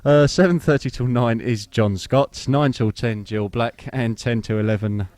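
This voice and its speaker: A man's voice: medium pitch, moderate pace, a little mellow, no echo. Male radio DJ, mid-range voice, casual self-deprecating links. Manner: chatty, offhand and self-deprecating, with filler "uh"s.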